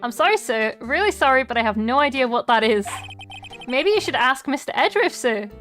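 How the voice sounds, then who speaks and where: A woman voicing an overeager, jittery young male police officer who ends almost every sentence with "sir" and talks loud and melodramatic. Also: high-pitched, big pitch swings, a little fast, faint music behind. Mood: whiny.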